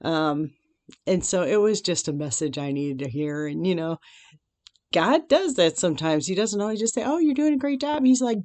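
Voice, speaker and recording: Woman, casual faith vlogger, somewhat low voice, dry sound, quick to laugh at herself. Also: lively intonation, darkish tone, dry recording. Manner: chatty and self-deprecating, laughing often; reflective, grateful. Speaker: Christian vlogger. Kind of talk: casual daily devotional vlog.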